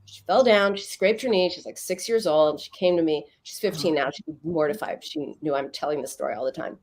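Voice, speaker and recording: A middle-aged woman, a psychoanalyst guest in an interview, explaining calmly and acting out little scenes as she talks. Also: sits low, a little fast. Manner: animated storytelling, acts out quoted voices. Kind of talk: interview conversation.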